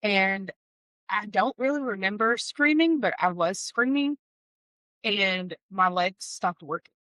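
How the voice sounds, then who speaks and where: A woman tells her life story in an interview, candid and heartfelt, slipping in wry asides. Her voice is bright and clear. The recording is close and dry, with no room sound. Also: mid-range voice, animated, slow, no echo, rough recording. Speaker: guest sharing a personal testimony. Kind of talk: emotional personal storytelling.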